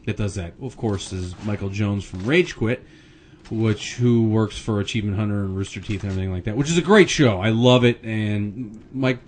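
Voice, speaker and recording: A man's voice: on the low side, a little hiss or hum. Rambling, chatty male gameplay commentator. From Erie, Pennsylvania, US. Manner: rambling, chatty, frequent fillers and laughs, gets worked up and curses. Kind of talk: casual let's-play commentary.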